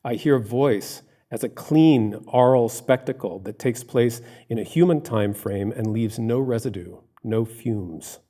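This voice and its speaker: Male academic lecturer reading a paper live to an audience, measured, literary delivery. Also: medium pitch, dark tone.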